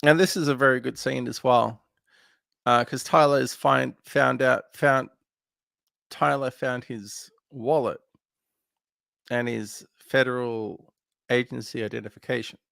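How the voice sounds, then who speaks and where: A man with a very gravelly, creaky voice recaps a film plot casually. He wanders through the story with lots of ums. The sound is close and dry, with no room behind it. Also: mid-range voice, steady tone, a little slow, long pauses, a bit bright, no echo. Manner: meandering, filler-heavy retelling. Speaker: film podcast co-host.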